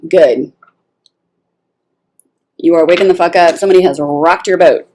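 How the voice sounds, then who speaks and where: A woman's voice: lowish voice, slow pace, pauses often. Blunt, profane woman reading tarot. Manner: animated, blunt and profane, laughs often. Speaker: tarot reader.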